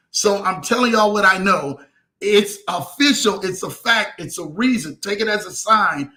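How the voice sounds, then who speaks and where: A man hosts a live-stream motivational show in a high, bright voice, sounding hyped and leaning heavily on repeated catchphrases.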